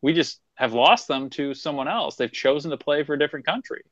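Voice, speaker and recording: A man's voice: on the high side, fairly quick, a bit bright, dry recording, lo-fi sound. A man co-hosting a casual sports chat, blunt and swearing freely as he argues his points in bursts. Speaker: podcast co-host.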